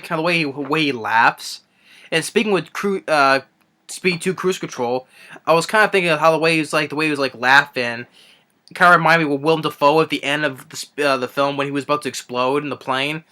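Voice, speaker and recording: A young man rants about a film he disliked, circling back and restarting his sentences often. His voice is bright and forceful and sits a little high. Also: brisk. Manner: rambling, many restarts and fillers. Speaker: movie reviewer. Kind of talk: unscripted rant review.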